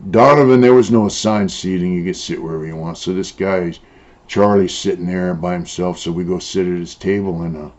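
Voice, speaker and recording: A man's voice: low voice, brisk, a little mellow. An older man from San Diego telling prison stories in a blunt, profane way, with many "uh" and "you know" fillers. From San Diego, Southern California. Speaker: former prisoner interviewee. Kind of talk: casual storytelling. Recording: dull lo-fi sound.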